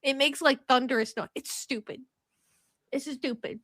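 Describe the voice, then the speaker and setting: A high-pitched woman co-hosts a casual podcast. She retells a plot in a sharp, bright voice, mocking it and laughing often. The sound is close and dry. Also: normal speed, no room sound. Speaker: podcast co-host. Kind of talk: casual chat.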